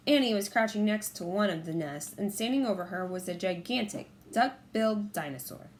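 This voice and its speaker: A woman narrating a children's audiobook in a clear, measured storytelling manner. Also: mid-range voice, a little hiss or hum. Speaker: audiobook reader.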